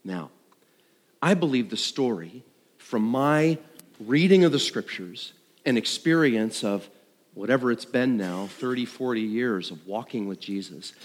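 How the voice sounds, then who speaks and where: A middle-aged man preaching a sermon, swinging between loud and hushed. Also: mid-range voice, a little slow. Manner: animated, dramatic shifts between loud and hushed. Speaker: pastor. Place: church sanctuary. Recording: long reverb of a large hall.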